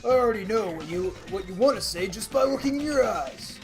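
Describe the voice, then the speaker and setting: A man voicing a boastful, hearty robot who used to be a team manager, loud and laughing. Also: high voice, lively intonation, a little fast, music in the background, voice pushed up. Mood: jovial.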